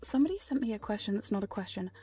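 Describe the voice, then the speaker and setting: A woman chatting in a whispered ASMR livestream, soft and breathy, laughing and swearing casually between close-mic whispers. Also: medium pitch, lively intonation, very fast. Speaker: ASMR hypnosis streamer. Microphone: studio condenser mic close up.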